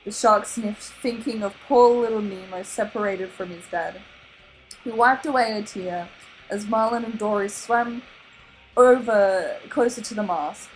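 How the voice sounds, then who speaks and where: A woman with an Australian accent reading a children's novel aloud, animated and laughing off her own slips. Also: mid-range voice, a little slow, slight background noise, low-quality recording. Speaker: reader. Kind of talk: storybook read-aloud.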